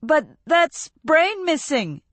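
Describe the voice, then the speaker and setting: Woman reading as a scared teen boy, voice jumps way up, slow and dry. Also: high-pitched, big pitch swings, fairly bright tone, no room sound, pitched above the performer's own voice, heavily acted. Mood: panicked. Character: teenage boy, frightened and shrill.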